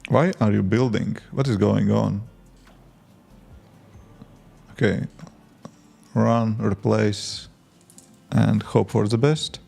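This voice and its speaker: A man's voice: on the low side, moderate pace, creaky, dark tone, soft background music. A man, an app developer chatting casually on a live stream while he codes and talks to his viewers and his tools. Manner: thinks aloud, talks to chat and to his tools.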